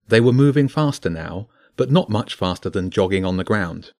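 A man's voice: on the low side, moderate pace, no room sound, studio quality. A man narrating a children's fantasy book, voicing each character. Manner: expressive, voices each character.

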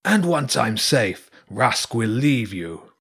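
A man voicing a grey male wolf villain in a storybook, speaking slowly and coldly. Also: mid-range voice, sing-song, a bit bright, husky, heavily acted. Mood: menacing. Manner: slow, cold and threatening.

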